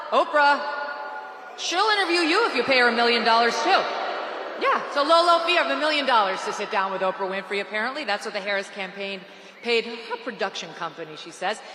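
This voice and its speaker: At a political rally in a large venue, a woman speaks with a mocking, sarcastic, punchy delivery. Her voice is a little high and sharp-toned, heard through echoey arena PA reverb with a slight hiss or hum.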